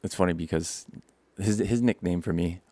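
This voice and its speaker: A man's voice: deep voice, normal speed, mellow, no echo. A young man casually telling a rambling childhood story to camera, acting out scenes and laughing often. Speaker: vlogger.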